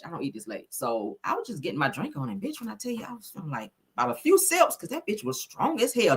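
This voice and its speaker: A sassy woman hosts a casual live gossip stream, swearing freely and answering her chat as she goes. Her voice sits low but swings widely in pitch, with a bright, forward edge. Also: slightly rough. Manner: profane, sassy, chatty, reads viewer comments aloud. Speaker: host.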